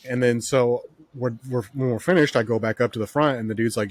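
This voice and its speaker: A man's voice: mid-range voice, normal speed, pauses often, no room sound. A man host telling stories in casual podcast chat, swearing often and filling with "like" and "uh.". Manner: profane, storytelling, heavy filler words.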